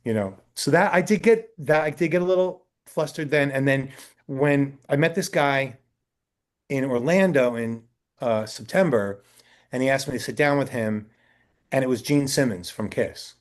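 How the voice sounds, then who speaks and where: A man who works as a talent agent, telling animated anecdotes as the guest in a casual interview. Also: medium pitch, moderate pace.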